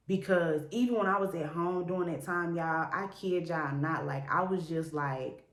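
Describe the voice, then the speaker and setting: A young woman telling her story to her viewers in an earnest, chatty way, full of "like" and "y'all". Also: sits low. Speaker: vlogger. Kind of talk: casual candid storytelling to camera. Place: indoor room in a city. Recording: echoey room.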